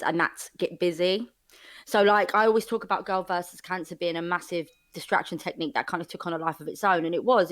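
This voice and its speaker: A woman, talking openly and a little emotionally as a podcast guest from her flat, rambling with likes and restarts. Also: fairly low pitch. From England. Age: 30s. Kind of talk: casual interview chat. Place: home flat.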